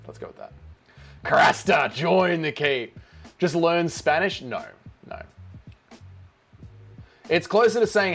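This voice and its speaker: A man's voice: on the high side, fairly bright tone. A man hosting a casual watch-along livestream, joking around and reading out chat messages. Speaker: livestream host.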